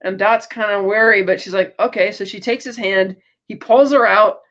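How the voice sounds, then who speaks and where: On a podcast, a high-voiced male co-host gives a casual recap of a TV episode, briskly acting out each character's quoted lines in animated storytelling. The sound quality is dull and lo-fi.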